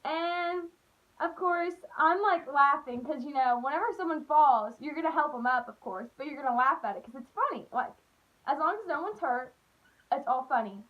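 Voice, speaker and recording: A young woman telling stories in a chatty, animated way, full of "like.". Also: sits high, moderate pace, lo-fi sound. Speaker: vlogger. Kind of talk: casual storytime.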